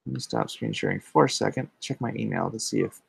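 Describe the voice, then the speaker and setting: Gravelly guy streaming, reads chat out loud and answers casually, mutters to himself a lot, dry close sound. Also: fairly low pitch, fast talker, dry recording. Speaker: comic artist hosting a livestream.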